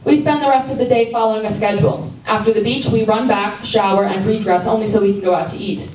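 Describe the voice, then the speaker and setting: A woman's voice: mid-range voice, fairly even intonation, fast talker, darkish tone. Woman reading a reflective essay. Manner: reflective, with small restarts. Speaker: open mic reader. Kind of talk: reading a personal essay aloud. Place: coffee house. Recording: echoey room from far off.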